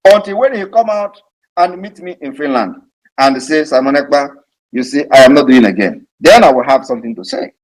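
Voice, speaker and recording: A man's voice: mid-range voice, lively intonation, brisk, poor audio. A man giving a heated, mocking political address to supporters, repeating points for emphasis. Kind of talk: impassioned live audio address. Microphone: online audio space.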